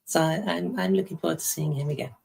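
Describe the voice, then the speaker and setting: Gravelly, low-voiced woman guest. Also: fairly even intonation, fast talker, darkish tone, a little hiss or hum, rough recording. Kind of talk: casual interview chat.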